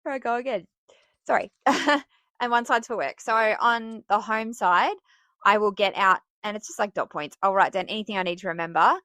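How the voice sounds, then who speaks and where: Bright, chatty woman host. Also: medium pitch, normal speed, no room sound. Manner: chatty and self-laughing, with bursts of excitement. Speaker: podcast host for teachers. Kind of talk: casual advice talk.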